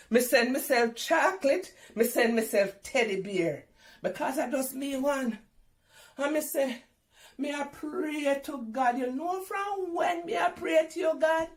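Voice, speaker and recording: A middle-aged woman with a Jamaican accent performing a theatrical comic monologue in patois. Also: high voice. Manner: theatrical, exclaiming, talks to God and phone. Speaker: comedy performer.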